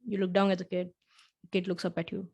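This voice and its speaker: Woman podcast host with a lowish voice, reflective second-person storytelling, unhurried, with soft asides. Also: level tone. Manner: talks the listener through a scenario in second person, with soft asides.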